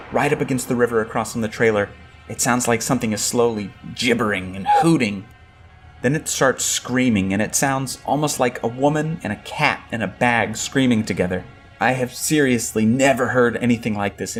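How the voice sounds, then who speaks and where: A man reading a first-person horror story aloud in a steady storytelling tone. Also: medium pitch. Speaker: narrator. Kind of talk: scripted narration of a horror story.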